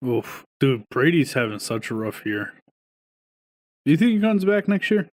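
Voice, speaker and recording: A man's voice: mid-range voice, sing-song, normal speed, no echo, clean studio sound. A man co-hosting a podcast, talking sports casually from home, swearing freely and telling stories. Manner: swears freely, tells stories with quoted voices. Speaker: podcast co-host. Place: home, streaming over wifi.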